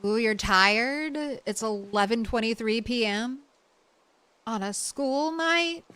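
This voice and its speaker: A woman's voice: a little high, slow, sharp tone, clean tone. A tired young woman streaming a game late at night, chatting casually with her viewers and often restarting her sentences.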